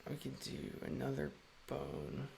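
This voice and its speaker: Streaming illustrator, mid-pitched and a bit gravelly, deadpan jokes between drawing remarks. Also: measured pace, slight background noise. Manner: wry, self-amused, joking often with laughs. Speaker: illustrator live-streaming work. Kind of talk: casual live-stream chat while drawing.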